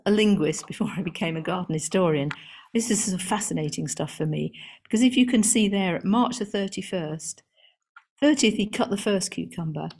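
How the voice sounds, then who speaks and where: A woman's voice: medium pitch, normal speed, a little mellow, breathy edge. A woman garden historian giving a seminar talk to a room and online audience, chatty and amused, reading out lists with frequent ums and restarts.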